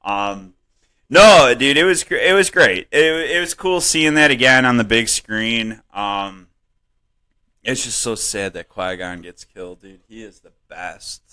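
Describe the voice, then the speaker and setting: A man co-hosting a comedy podcast, rambling and swearing in casual chat, laughing often and jumping up in pitch when worked up. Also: a little slow, clear, resonant tone. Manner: animated, voice jumps up when worked up. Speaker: podcast co-host.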